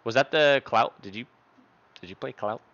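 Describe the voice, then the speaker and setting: A man's voice: medium pitch, moderate pace, a bit bright, muffled recording. A man in his twenties streaming live, chatting playfully and thanking viewers by name. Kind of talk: casual stream chat.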